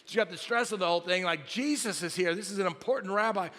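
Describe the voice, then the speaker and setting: A pastor in his fifties preaches in a high, bright voice that carries with force. He tells his story animatedly and acts out the people in it. The sound rings with long reverb from a big church sanctuary. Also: quick pace. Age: 50s. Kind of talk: sermon. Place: large church hall.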